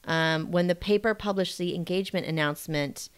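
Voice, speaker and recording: A woman's voice: on the low side, a little fast, clean tone. A woman co-hosting a podcast, telling a true crime story in casual chat with wry asides.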